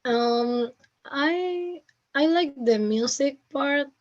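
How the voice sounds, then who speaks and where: A young Venezuelan woman speaks English slowly in a fairly high voice, with a Venezuelan Spanish accent. She restarts often and leans on "like" as she searches for words. The audio is muffled and lo-fi. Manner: halting, restarts often, many "like" fillers. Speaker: interview guest, former student. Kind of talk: casual interview chat.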